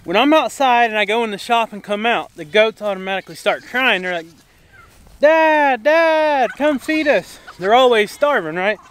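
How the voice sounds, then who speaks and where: A man's voice: high-pitched, expressive, fairly quick, hardly any pauses, fairly bright tone. A man hosting a casual farm vlog, chatting easily to viewers and calling his animals while he moves around a camera set down nearby in a farm shop and goat pen. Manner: easygoing, chatty, calls to animals. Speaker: farm channel host. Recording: noisy farmyard with animals in the background.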